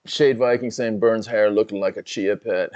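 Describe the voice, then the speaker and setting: A man's voice: fairly low pitch, darkish tone. A man co-hosting a fight watch-along livestream, chatting casually, laughing often and reading out chat comments.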